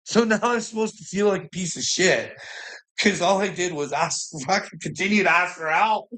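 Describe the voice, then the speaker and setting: A man's voice: sits high, expressive, normal speed, bright, forceful tone. A man talking straight to camera in a rambling monologue, swearing constantly, agitated and often breaking into laughter. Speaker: vlogger.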